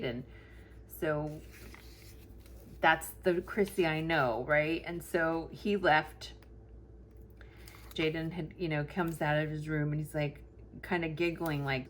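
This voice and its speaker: A middle-aged woman with a fairly low voice chats casually in a planner vlog. She tells her story at length, slipping into the voices of the people in it and scattering "like" through her talk. A faint noise hums behind her. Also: steady tone, unhurried. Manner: chatty storyteller, acts out family quarrels; peppers speech with "like". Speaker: planner vlogger. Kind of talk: casual chat while planning.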